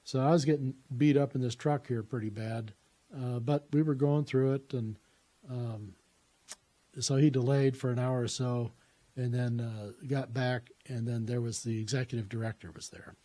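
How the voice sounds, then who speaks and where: A man's voice: mid-range voice, steady tone, normal speed, warm tone. A man telling a personal story in a casual, rambling way, with lots of "uh" fillers and restarts.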